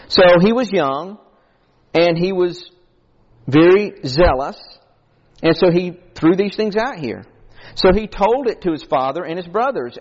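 A man's voice: a little high, a little mellow. A man preaching a sermon in an earnest, folksy way, telling illustrative stories. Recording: echoey hall, dull lo-fi recording.

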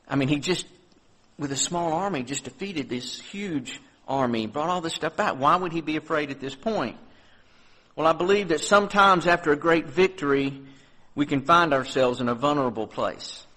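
A man's voice: on the high side, poor audio. A man preaching a sermon as pastor, reading scripture aloud and explaining it in an earnest, conversational way. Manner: earnest preaching, rising on scripture readings, dropping soft on reflections.

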